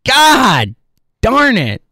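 A man's voice: extremely high pitch, wildly swooping pitch, very slow, sharp tone, dry recording, clean studio sound. A man, ranting in frustration about his baseball team, rambling and laughing bitterly. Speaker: sports fan commentator. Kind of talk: ranting sports commentary.

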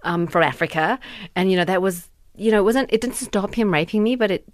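A woman's voice: mid-range voice, brisk, dry recording, clean studio sound. A woman in her forties, a guest activist, giving candid and earnest personal testimony in conversation, with many fillers and restarts.

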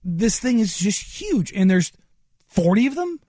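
Male podcast co-host: high, very expressive, dry close sound, spins lively anecdotes. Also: a little slow, no echo. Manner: animated storyteller. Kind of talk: casual chat.

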